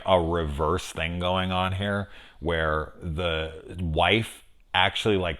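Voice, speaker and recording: A man talking casually through a spoiler review of a horror movie, incredulous and swearing often. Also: sits low.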